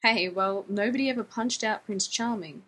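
Casting: a battered, earnest young guy who rambles in slang, read by a woman in a husky voice. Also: mid-range voice, moderate pace, a bit bright. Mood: sheepish. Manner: rambling, casual slangy talk.

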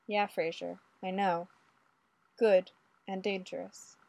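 A woman's voice: mid-range voice, flat delivery, takes it slowly, creaky, warm tone, dry recording. Brief: blunt, casual undercover cop, grown man, as a female narrator reads him, dry sound. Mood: hushed.

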